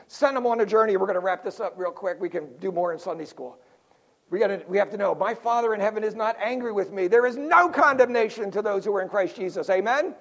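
Older pastor, high-pitched man, playful sermon style with quick jokes and hushed asides. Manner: lively, jokey preaching with sudden drops to quiet asides.

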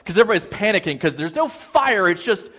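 Animated storytelling pastor, higher voice. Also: male voice, quick pace. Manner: animated, self-deprecating storytelling with many "okay?" asides. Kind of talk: storytelling sermon. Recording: long hall reverb.

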